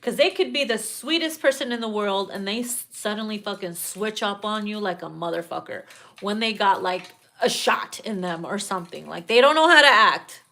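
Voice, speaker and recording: A woman's voice: medium pitch, animated, normal speed, pushed and bright. A young adult woman giving a casual tarot reading, sassy and profane, often breaking into laughter at her own jokes. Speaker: tarot reader.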